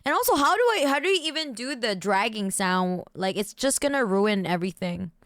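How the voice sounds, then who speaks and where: A woman's voice: medium pitch, sing-song, brisk, fairly bright tone, dry recording, clean studio sound. A woman streamer chatting casually, reacting to news and her chat with giggles and mock outrage.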